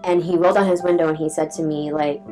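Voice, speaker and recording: Low-voiced young woman telling her story. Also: steady tone, quick pace, dark tone, faint music behind, rough recording. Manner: rambling, heavy on "like" fillers, blunt with swearing. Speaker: vlogger. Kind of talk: casual personal storytelling.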